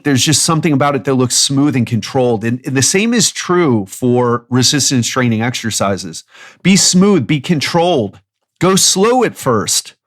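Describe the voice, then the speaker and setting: A man hosting a fitness podcast alone, a coach who talks bluntly and emphatically in quick bursts. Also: on the high side. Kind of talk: solo podcast monologue.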